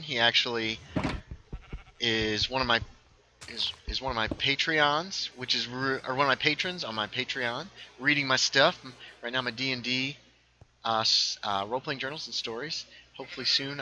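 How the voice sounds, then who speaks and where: A man's voice: mid-range voice, bright, forceful tone, a little hiss or hum, rough recording. A man hosting a casual gaming livestream, rambling along and reading viewer chat aloud. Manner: rambling, reads chat aloud, quick asides. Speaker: livestream host playing a game.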